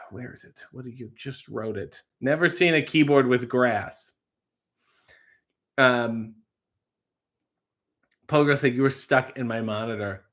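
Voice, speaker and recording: Bright-voiced man reading live chat. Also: medium pitch. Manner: swearing, quick asides, reads comments aloud. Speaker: livestream host reading chat. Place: home kitchen.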